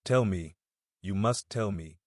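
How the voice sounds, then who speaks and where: A man's voice: mid-range voice, expressive, normal speed, no echo, studio quality, lightly acted. A man reading an audiobook, voicing a middle-aged grieving mother who pleads and sobs for the truth about her son's death. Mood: grieving, pleading. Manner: sobbing, pleading. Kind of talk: audiobook character voice.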